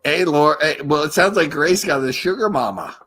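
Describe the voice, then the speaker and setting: A man's voice: a little high, expressive, brisk, bright, forceful tone, breathy edge. A man hosting a live stream in casual chat, rambling crudely and repeating himself.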